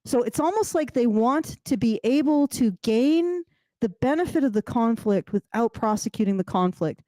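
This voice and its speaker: A woman's voice: on the high side, moderate pace, dry recording. A woman casually breaking down a TV drama, talking with lots of restarts and acting out characters' lines. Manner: animated, many restarts, acts out characters' lines. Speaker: commentator. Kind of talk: casual TV show analysis chat.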